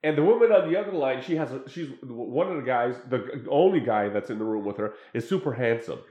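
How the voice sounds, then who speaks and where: A man's voice: medium pitch, lively intonation, fast talker, highs cut off. A man chatting casually about a TV show he watched, rambling with many fillers and restarts. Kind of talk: casual chat reacting to a TV show. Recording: roomy echo.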